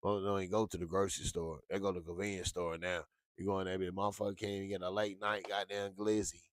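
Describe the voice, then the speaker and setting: A man hosting a casual talk show, ranting with lots of profanity and animated swings into high yelps. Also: fast talker, dry recording, studio quality. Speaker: show host.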